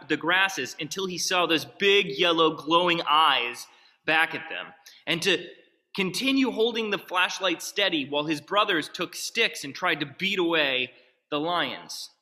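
A man's voice: on the high side, pushed and bright. A man preaching a sermon as pastor, telling stories in a conversational way with asides. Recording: long reverb of a large hall.

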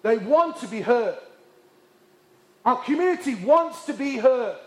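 A man from England, preaching with passionate, repeated emphasis that drops to hushed tones. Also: very high voice, expressive, a little slow. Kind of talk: sermon. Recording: echoey hall.

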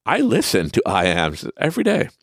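A man's voice: fairly low pitch, wildly swooping pitch, brisk, creaky, no room sound, studio quality. A man hosting a podcast, talking casually about self-help and laughing at his own rambling stories. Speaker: podcast host.

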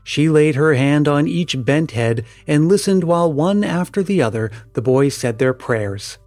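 A man's voice: fairly high pitch, lively intonation, measured pace, a little mellow, no echo, soft background music. Man reading a story, dry and close. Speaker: story reader. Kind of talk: storybook narration.

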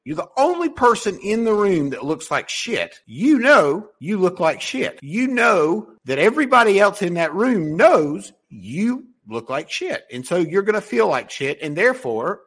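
A man's voice: sits high, big pitch swings, unhurried, hardly any pauses, a bit bright. A man hosting a podcast and coaching on sales, talking loosely with frequent swearing and many restarts. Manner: loose, profane, many restarts and self-corrections. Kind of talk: casual motivational talk.

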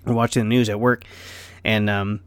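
A man's voice: lowish voice, little pitch movement, normal speed, clean tone, no room sound. Rambling, self-mocking man vlogging casually. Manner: rambling, self-deprecating, laughs often, many fillers. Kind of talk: casual rambling vlog chat.

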